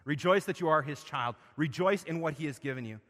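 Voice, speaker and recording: Male pastor, slightly high voice, preaching with rhetorical questions, loud then hushed, long hall reverb. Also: brisk. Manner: asks the congregation questions, swings from loud emphasis to soft and low. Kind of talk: sermon.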